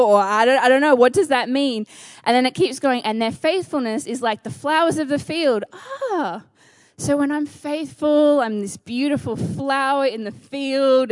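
A woman's voice: sits high, dry recording. A woman preaching a sermon, earnest and conversational with playful asides.

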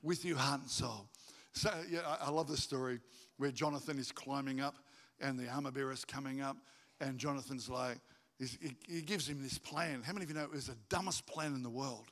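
A man preaching a sermon to his congregation, animated and jokey, acting out stories in high voices. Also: a little fast. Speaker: pastor. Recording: reverberant hall.

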